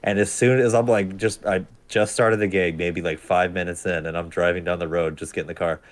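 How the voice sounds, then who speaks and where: A man's voice: deep voice, fairly even intonation, a little fast. A man co-hosting a casual gaming podcast, telling a rambling story with restarts and swearing. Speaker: podcast co-host.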